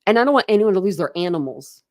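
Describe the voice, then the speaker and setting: A woman's voice: medium pitch, animated, fast. A woman from Ohio hosting a casual livestream chat, talking in a chatty, rambling way with many fillers. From Ohio, USA. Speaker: livestream host.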